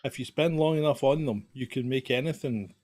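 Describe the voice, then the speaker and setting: A British man co-hosting a casual talk show, speaking in a measured, wry way. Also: medium pitch, a little mellow. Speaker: co-host. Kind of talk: casual chat.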